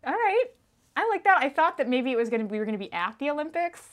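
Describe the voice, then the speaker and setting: A woman's voice: high-pitched, sing-song, fast talker. A woman hosting a casual podcast chat, laughing often as she talks. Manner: giggly, laughs often between lines. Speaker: podcast host.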